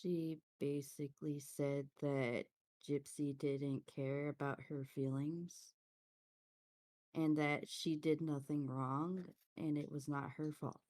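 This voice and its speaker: Woman, low mellow voice, slow, calm recounting. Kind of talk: casual group chat.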